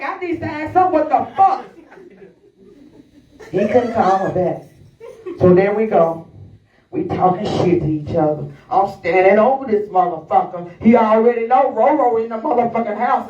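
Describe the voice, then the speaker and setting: A woman's voice: on the high side, lively intonation, normal speed, darkish tone, a little hiss or hum. Brash foul-mouthed woman comic, echoey and distant. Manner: profane, brash, talks to the crowd. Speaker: stand-up comedian. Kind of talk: stand-up storytelling. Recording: echoey, distant, dull live recording.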